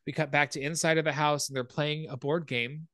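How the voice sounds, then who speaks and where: Bright-voiced man recapping a film. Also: brisk, dry recording, studio quality. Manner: animated storytelling, rises in pitch when excited. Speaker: podcast host.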